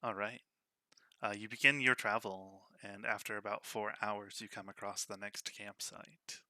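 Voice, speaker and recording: A man narrating as game master of a tabletop role-playing game in a calm, measured way. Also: on the low side, no room sound.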